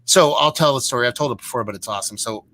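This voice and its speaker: A man's voice: medium pitch, racing, bright, forceful tone. A man from Pennsylvania hosting a casual live beer chat, telling a long rambling story with plenty of restarts and swearing. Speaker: beer show host.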